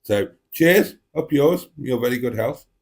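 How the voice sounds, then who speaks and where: A man's voice: mid-range voice, lively intonation, a little slow, gravelly. A man hosting a casual live stream from his dining table, speaking into a desk microphone in a rambling, self-mocking, theatrical way. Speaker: livestream host. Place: home dining room.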